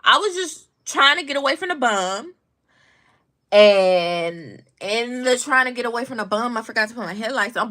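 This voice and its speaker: Brief: young woman, high bright voice, animated storyteller with a blunt, slangy delivery. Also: normal speed. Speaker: vlogger commenting on news. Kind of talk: casual storytelling commentary.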